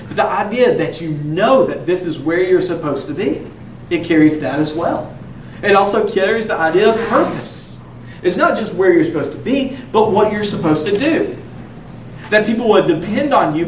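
A man's voice: high-pitched, slight background noise. Man preaching in an echoey sanctuary. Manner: conversational preaching with joking asides, slows for emphasis. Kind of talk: sermon. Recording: roomy echo, distant mic, faint ambience.

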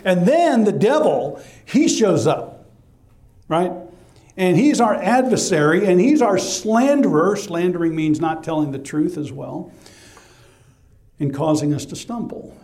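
A man's voice: high voice, warm tone. A man preaching a sermon as pastor, emphatic and conversational, asking rhetorical questions and answering them himself.

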